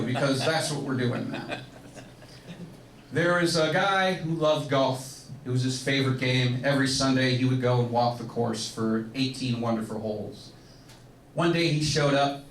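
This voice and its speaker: Standup guy, deadpan and laid-back, echoey club mic from far with faint room noise. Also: medium pitch. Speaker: stand-up comedian. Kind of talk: stand-up comedy set. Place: comedy club stage.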